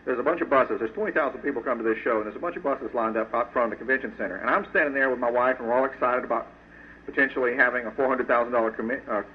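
Through tinny, phone-like radio audio with slight background noise, a Christian sculptor shares his testimony with a church audience. His medium-pitched voice carries an earnest, folksy storytelling tone.

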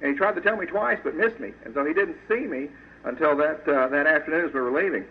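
A man's voice: fairly high pitch, fast talker. Man giving a folksy testimony over tinny radio. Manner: folksy, earnest storytelling. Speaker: Christian sculptor giving a testimony. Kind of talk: personal testimony to an audience. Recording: tinny phone-like radio audio.

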